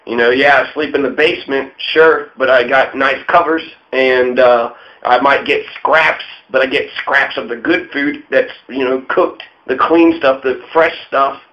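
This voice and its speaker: A man's voice: medium pitch, fairly even intonation, a little slow, sharp tone, dull audio. A man doing a smug, contented house servant.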